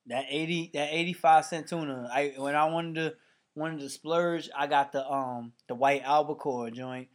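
A man's voice: fairly high pitch, fairly even intonation, normal speed. Laid-back man chiming in. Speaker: friend in a casual conversation. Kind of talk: casual chat.

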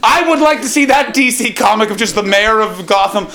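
A young man performing stand-up comedy, ranting in a profane, animated way. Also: high-pitched, fairly quick.

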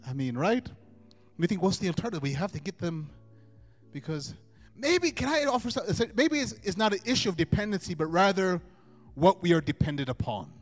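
High-voiced preacher with a lively delivery. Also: male voice. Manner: emphatic, swings from soft asides to loud drawn-out proclamations. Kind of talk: sermon. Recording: long hall reverb with faint music.

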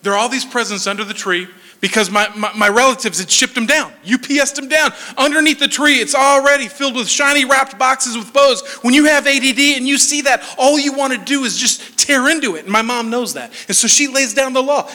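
A man in his forties telling comic stories on stage, animated and laughing through his punchlines. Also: very high voice, a little fast. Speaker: stand-up comedian. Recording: long hall reverb.

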